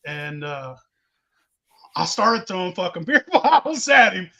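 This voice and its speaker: A man's voice: high-pitched, big pitch swings, a little slow, vocal fry, bright, forceful tone. A man telling a rowdy, profane drinking story in casual chat. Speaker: show host telling a story.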